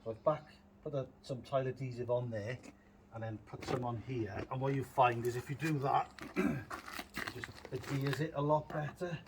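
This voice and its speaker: A down-to-earth builder talks viewers through the job in a chatty, easygoing way, naming them as he goes. He is recorded outdoors on site, with clear background noise running under his voice. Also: medium pitch, steady tone, moderate pace. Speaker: building contractor presenting. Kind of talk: casual on-site how-to talk.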